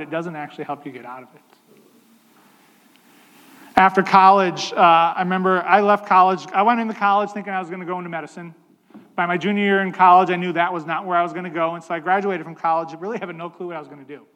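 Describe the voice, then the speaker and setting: A man with a fairly high voice preaches in a relaxed, conversational way. He slows down to stress key points. His voice rings in a hall with a long reverb. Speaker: pastor. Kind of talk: sermon.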